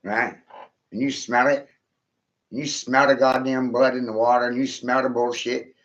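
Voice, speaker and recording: A man's voice: mid-range voice, flat delivery, moderate pace, fairly bright tone. A man delivering a rambling, profane monologue, swearing freely, laughing often and asking "right?" after his points. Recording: dull lo-fi recording.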